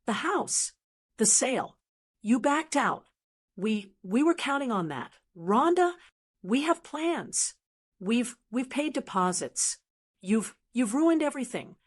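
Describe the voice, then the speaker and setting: A woman's voice: fairly high pitch, sing-song, slow pace, heavily acted. A woman doing a frantic, stammering daughter-in-law. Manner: shrieking, pleading, stammering.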